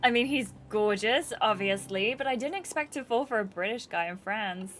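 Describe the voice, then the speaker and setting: A woman's voice: medium pitch, normal speed, fairly bright tone, slight background noise, natural voice. Bubbly American expat girl, friendly and chatty, voiced by a woman with a put-on accent. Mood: cheerful.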